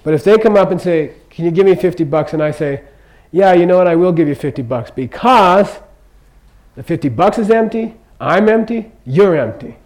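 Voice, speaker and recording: A man's voice: sits high, expressive, moderate pace, darkish tone, rough recording. An older man giving an informal Buddhist teaching in a chatty, joking way, constantly checking in with his listeners. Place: teaching room in Kathmandu.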